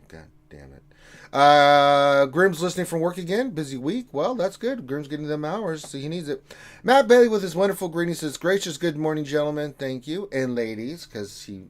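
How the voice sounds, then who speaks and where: A man hosting a casual gaming livestream, reading out viewer messages with jokey asides. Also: a little high. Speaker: stream host reading chat.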